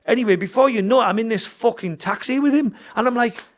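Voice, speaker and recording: A middle-aged fighter who owns a gym guests on a podcast, his voice pitched extremely high and moving at a quick pace. He tells a casual story, swearing freely and quoting what people said.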